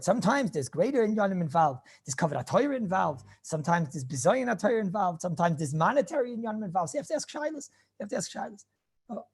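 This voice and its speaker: A rabbi with a gravelly, husky voice teaches a casual class on Jewish law. He rambles and circles back on his words. His English is peppered with Hebrew and Yiddish terms. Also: sits high. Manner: rambling, repeats words and restarts phrases.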